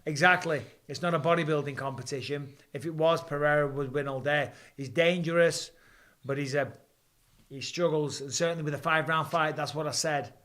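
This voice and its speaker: A man, hosting a live fight watch-along and calling the action with rising excitement. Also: on the high side, brisk. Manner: excitable, rising for big moments. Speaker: host. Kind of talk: live fight commentary and chat.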